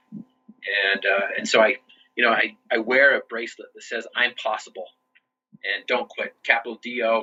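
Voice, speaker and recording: Bright husky man telling his story. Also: medium pitch, muffled recording. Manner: earnest, with frequent restarts and "you know". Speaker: interview guest. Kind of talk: podcast interview storytelling.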